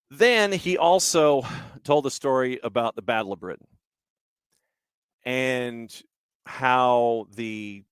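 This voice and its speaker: Slow, smooth-voiced male podcast host. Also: lowish voice, dry recording, clean studio sound. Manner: unhurried, conversational, with restarts. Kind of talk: storytelling monologue on a podcast.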